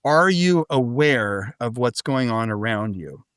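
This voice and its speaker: A man speaking as a podcast guest, telling stories in a loose, animated way, full of "like" and "right?". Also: medium pitch, takes it slowly, clean tone, no echo, studio quality. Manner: animated storytelling, frequent "like" and "right?". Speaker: podcast guest, business coach. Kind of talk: casual interview talk.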